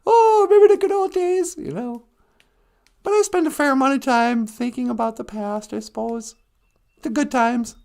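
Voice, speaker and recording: A woman's voice: high-pitched, normal speed, warm tone. A woman from northern Minnesota, hosting a casual live stream, chatty and teasing with frequent laughter.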